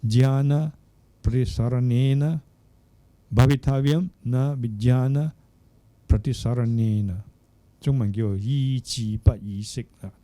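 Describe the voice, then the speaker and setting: Very dark-voiced older male monk teacher. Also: mid-range voice. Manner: unhurried, searching for words, checks in with "hmm?" and "yeah?". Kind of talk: dharma talk. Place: Buddhist centre hall.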